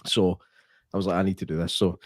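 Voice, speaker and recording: A man co-hosting a podcast, telling an animated story in casual chat and laughing easily. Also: deep voice, quick pace, no room sound, studio quality. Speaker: podcast co-host.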